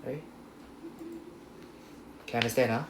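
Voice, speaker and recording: A man's voice: medium pitch, fairly even intonation, slow. A man teaching a Japanese grammar class, explaining patiently and often checking with "right?". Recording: roomy classroom echo, faint hum.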